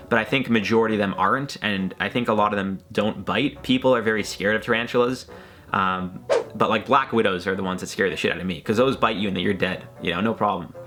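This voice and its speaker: A man's voice: lowish voice, sharp tone. A man hosting a reaction video, talking in a rambling, hesitant, joking way. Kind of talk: casual commentary.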